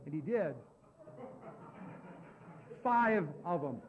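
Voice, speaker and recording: A man preaching a sermon, telling a story in a folksy, animated way and building to loud preaching. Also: sits high, extremely slow. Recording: dull lo-fi recording.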